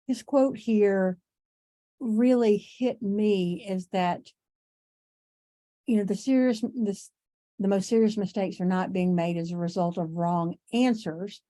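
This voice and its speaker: A middle-aged woman teaching an online class in a conversational way, repeating herself for emphasis and clearing her throat as she loses her voice. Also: mid-range voice, warm tone. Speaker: instructor.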